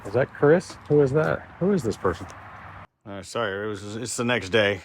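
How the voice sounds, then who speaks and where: A man's voice: on the low side, expressive, moderate pace, a little hiss or hum. Rambling, annoyed man giving a shop tour. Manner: rambling, frustrated, restarts a lot. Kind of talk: casual vlog walkthrough. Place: large warehouse workshop.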